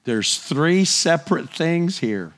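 A middle-aged man preaching a sermon, animated, his voice climbing higher when he gets excited. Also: slow.

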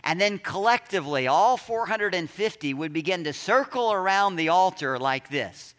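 A man's voice: sits high, expressive, normal speed. Dramatic preacher man in a reverberant hall. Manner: dramatic, reads scripture aloud and acts out shouts. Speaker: pastor. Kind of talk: sermon.

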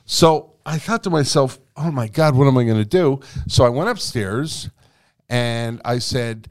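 A man's voice: medium pitch, moderate pace. A man casually telling a long anecdote, acting out the voices of the people in it, swearing and laughing as he goes. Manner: animated, acts out dialogue with swearing and laughter.

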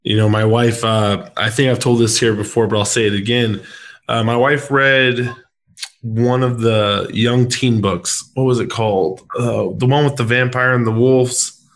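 A man's voice: mid-range voice, steady tone, unhurried. A man who coaches sports, hosting a casual podcast chat in an upbeat, playful way with frequent fillers.

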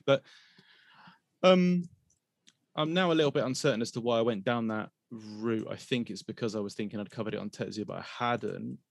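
A man's voice: medium pitch, fairly quick, vocal fry, dry recording, clean studio sound. A man hosting a podcast in a casual, rambling way, trailing into hesitations and breaking into laughter. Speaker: podcast host.

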